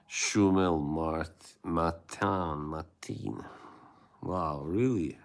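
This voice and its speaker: A man's voice: low voice, slow pace. A man hosting a livestream, rambling in casual chat with his viewers and laughing often. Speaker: livestream host.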